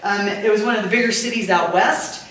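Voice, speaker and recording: A woman's voice: mid-range voice, fairly quick, fairly bright tone. Chatty woman tour guide in echoey hotel. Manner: chatty storyteller, many fillers, laughs easily. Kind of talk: casual guided tour talk. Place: inside an old abandoned hotel. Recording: echoey room, faint noise.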